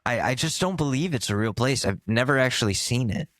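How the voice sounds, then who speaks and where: A man's voice: medium pitch, animated, brisk, a bit bright, dry recording. A man co-hosting a podcast in casual comedic chat, rambling and jokey, often launching into bits. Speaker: podcast co-host.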